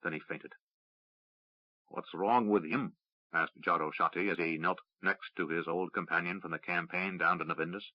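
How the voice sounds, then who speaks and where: Guy reading a fantasy audiobook, steady and measured, low voice, dry muffled sound. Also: dry recording. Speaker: audiobook narrator. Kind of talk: scripted narration. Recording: dry, slightly dull audiobook recording.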